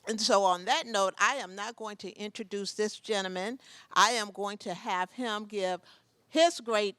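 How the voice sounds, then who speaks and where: A woman's voice: mid-range voice, measured pace, fairly bright tone, clear, resonant tone. A woman chairing a public meeting, speaking plainly and in a businesslike way. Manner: plain, businesslike, a few fillers. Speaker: task force chair.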